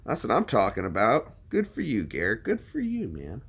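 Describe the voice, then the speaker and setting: Animated, teasing American man. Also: mid-range voice, normal speed, husky. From United States. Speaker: vlogger chatting with strangers online. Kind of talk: casual chat.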